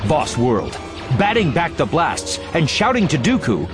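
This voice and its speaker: A man narrating a dramatic story in an expressive audiobook reading, shifting voices for the characters. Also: on the high side, moderate pace, music in the background.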